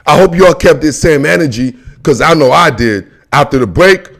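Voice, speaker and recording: High-pitched ranting football host. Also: male voice, moderate pace, vocal fry. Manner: animated, ranting and pleading, slangy with frequent "man" and "bro"; bursts into shouts and laughs. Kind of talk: casual solo sports commentary.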